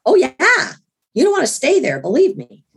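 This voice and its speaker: Gravelly, husky woman telling her story. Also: sits high, moderate pace. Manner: earnest, animated storytelling with restarts. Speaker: guest author. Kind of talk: personal storytelling in an interview.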